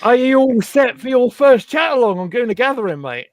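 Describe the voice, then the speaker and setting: A man hosting a casual football chat stream over a video call, chatty and excitable, with lots of stumbling restarts. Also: very high-pitched, brisk, dry recording, studio quality. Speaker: host. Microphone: home computer mic on a video call.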